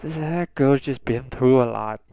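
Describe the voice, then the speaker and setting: A man doing a gentle, caring mother. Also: medium pitch, a little slow, dry recording, highs cut off, lightly acted. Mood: tender.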